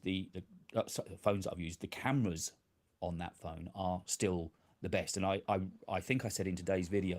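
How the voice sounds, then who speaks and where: Chatty man, low voice. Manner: chatty and self-deprecating, laughs often, lively swings in pitch. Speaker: tech live-stream host. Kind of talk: casual live-stream chat. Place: home office desk.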